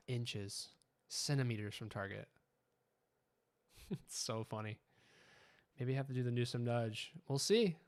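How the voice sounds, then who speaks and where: A man hosting a live trading stream, chatting casually and getting excited as he watches the charts. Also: mid-range voice, slow, long pauses. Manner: chatty, excitable, keeps asking "you know what I'm saying".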